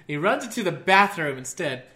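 A man's voice: high-pitched, normal speed. A young man casually telling a long story, swearing and laughing a lot. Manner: profane, laughs often, animated.

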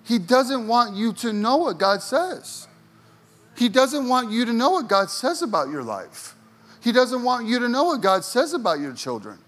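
A man's voice: extremely high pitch, sing-song, normal speed, a bit bright. A man preaching a sermon in a chatty storytelling way, asking the congregation questions as he goes. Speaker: pastor.

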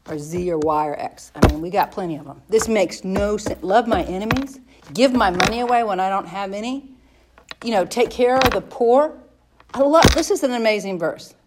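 A woman's voice: mid-range voice, background noise. A woman leading a Bible study class in a conversational way, spelling words out and restarting her sentences. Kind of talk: casual teaching talk.

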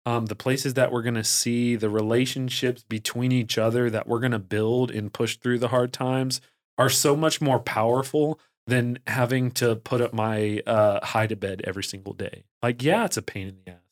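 Excitable man chatting, lots of fillers. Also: medium pitch, normal speed. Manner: energetic and excitable, heavy use of "like" and fillers. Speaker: podcast guest. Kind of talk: casual conversational storytelling.

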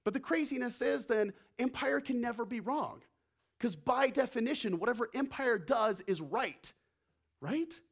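This pastor has a very high, husky voice and talks at a normal speed. His sermon is animated, with quoted voices acted out and hushed moments for emphasis.

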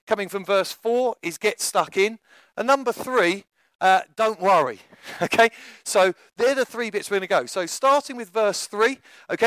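A man's voice: high-pitched, fairly bright tone, clean tone, no echo, rough recording. A man preaching a sermon in a chatty way, joking with his congregation.

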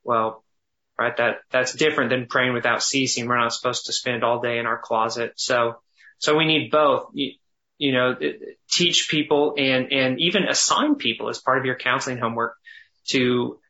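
A man teaching thoughtfully in conversation, often pausing, restarting and slowing down to dwell on phrases. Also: mid-range voice, steady tone, bright, forceful tone, dull audio. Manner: thoughtful, halting with restarts, slows to savor phrases. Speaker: guest teacher on biblical counseling.

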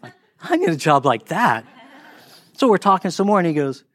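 A man's voice: normal speed, no room sound. A middle-aged man telling a casual story, acting out the people he quotes. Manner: animated, acts out quoted voices in higher pitch.

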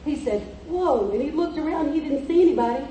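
Woman preacher, high voice, emphatic storytelling sermon, heard from a distance in an echoey church with faint noise. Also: quick pace, warm tone.

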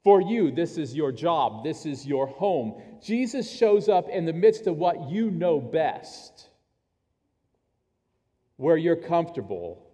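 A man preaching a sermon as pastor, telling stories in an earnest, animated way. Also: a little high, takes it slowly. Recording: long hall reverb.

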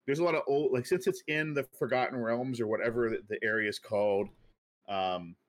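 A man's voice: medium pitch, fairly quick. A man co-hosting a podcast in casual chat, rambling through ideas with lots of "like" fillers and frequent laughter. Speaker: podcast co-host.

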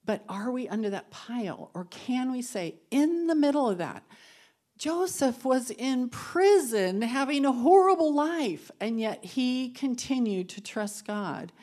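A woman's voice: high-pitched, very animated, a little slow. Earnest, emotional woman giving a devotional. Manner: emotional, tearful at times, laughing through tears; earnest and conversational, shifting between soft and loud. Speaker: women's Bible study speaker. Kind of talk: personal devotional talk with prayer.

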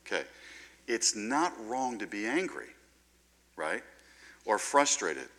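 A man preaching a sermon in a lively, conversational way, often checking in with "right?". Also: on the low side, takes it slowly.

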